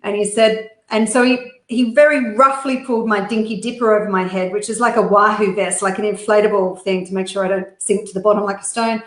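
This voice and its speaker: An Australian woman speaks as a guest over a video call, telling her stories quickly and animatedly with plenty of ums. Her voice sits in the middle of the range, and the room around her gives it a noticeable echo. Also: mid-range voice. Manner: quick, animated storytelling with frequent fillers. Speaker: guest, business founder. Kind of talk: interview storytelling. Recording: roomy echo.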